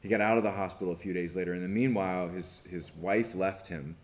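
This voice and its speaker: A man, a documentary filmmaker, telling a story on a festival panel in an animated way, acting out quotes, with many restarts. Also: low voice, fast.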